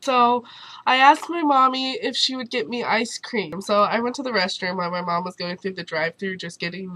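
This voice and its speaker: Young woman vlogger, hoarse from losing her voice, bright and bubbly, dry close sound. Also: medium pitch, dry recording, rough recording. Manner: bubbly, animated storyteller. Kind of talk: casual storytelling vlog.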